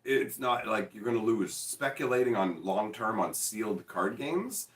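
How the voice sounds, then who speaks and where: A man's voice: on the low side, animated, measured pace, fairly bright tone. Rambling man in an echoey room. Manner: rambling, laughs often, lots of "like". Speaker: card game channel host. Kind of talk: casual chat. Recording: echoey room, mic at a distance.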